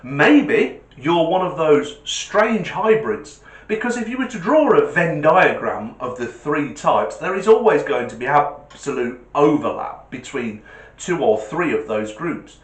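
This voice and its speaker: Guy chatting to camera about cars, jokey, bouncy lively voice, echoey room. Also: fairly high pitch, measured pace. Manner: chatty, jokey, asks viewers directly. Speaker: car channel host. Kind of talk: casual chat to camera.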